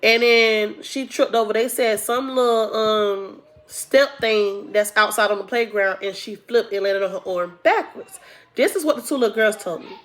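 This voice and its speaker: A young woman vlogger telling a casual storytime, animated and acting out the people she quotes. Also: mid-range voice, normal speed.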